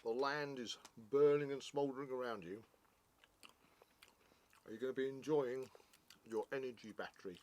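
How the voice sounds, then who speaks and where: A man's voice: medium pitch, moderate pace, long pauses, a little mellow. A man co-hosting a casual product review, chatty and jokey, explaining things at length.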